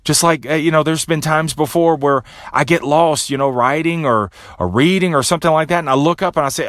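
A man hosting a podcast, giving a motivational monologue with a pep-talk delivery that drops low and quiet on each repeated refrain. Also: brisk, hardly any pauses, dry recording, clean studio sound. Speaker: podcast host.

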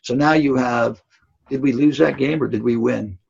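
A man's voice: mid-range voice, normal speed, creaky, a little mellow, husky. An older man, a basketball coach, telling a story in an interview, earnest and emphatic, often asking "right?". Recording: dull lo-fi audio.

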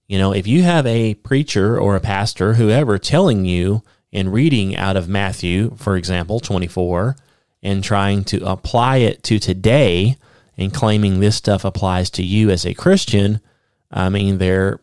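Low-voiced man teaching the Bible. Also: darkish tone, clear, resonant tone, no room sound, studio quality. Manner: explains step by step, says "okay?" often; reads scripture aloud slowly with emphasis. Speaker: podcast preacher.

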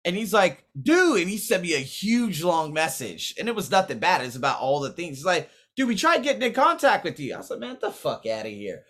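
Young male vlogger, lively swooping delivery, slightly high, curses freely while storytelling. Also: fairly quick, few pauses. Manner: animated, profane, quotes people in raised voices. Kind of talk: casual storytelling.

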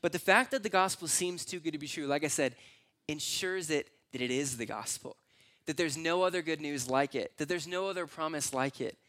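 A man's voice: on the high side, a little fast, a bit bright. A young adult man preaching a conversational, earnest sermon as pastor, sometimes acting out voices in his stories.

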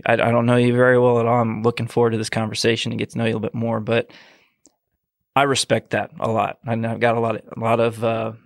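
A male host speaks with a flat, gravelly voice, sincere and hesitant. The sound is dry and close, with no room echo. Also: on the low side. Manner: sincere, halting with fillers and repeats. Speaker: podcast host. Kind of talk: casual interview chat.

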